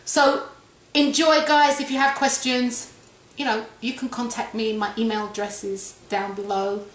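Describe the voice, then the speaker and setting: A woman's voice: fairly high pitch, fairly even intonation, normal speed. A woman hosting a casual cooking demonstration in a home kitchen, chatty and repeating her phrases as she tastes the food. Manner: chatty, repeats phrases, talks while eating. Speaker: cooking show host. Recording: echoey kitchen with faint noise.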